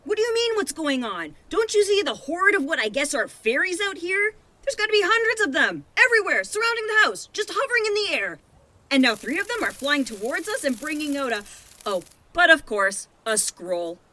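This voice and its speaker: A woman's voice: high voice, big pitch swings, normal speed, sharp tone, no echo, exaggerated voice. A young woman in a fantasy audio drama, talking in an exasperated, sarcastic way.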